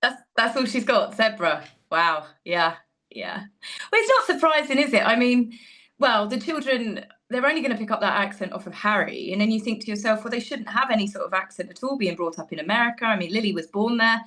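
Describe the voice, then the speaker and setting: A woman's voice: fairly high pitch, fast talker, fairly bright tone. A woman, a pundit giving opinionated commentary in a mocking, incredulous way.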